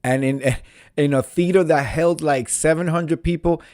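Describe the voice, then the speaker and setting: A man chats on a live stream, reading out and answering viewer comments. His voice sits a little high, and he talks in a showy, theatrical way, repeating lines for emphasis. The sound is close and dry. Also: steady tone, moderate pace, a little mellow, dry recording. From New York City. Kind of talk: casual live chat.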